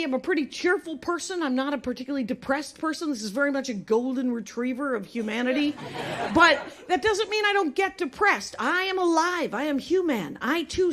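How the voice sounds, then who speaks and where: Wry, high-voiced middle-aged woman comedian. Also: background noise. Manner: wry, deadpan storytelling. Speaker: stand-up comedian. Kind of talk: stand-up comedy set.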